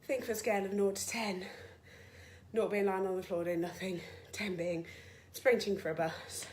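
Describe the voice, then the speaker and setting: A woman's voice: mid-range voice, fairly even intonation, normal speed, a little mellow, reverberant. A woman leading a home workout as a fitness instructor, counting reps aloud and getting out of breath as she exercises along. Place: home room.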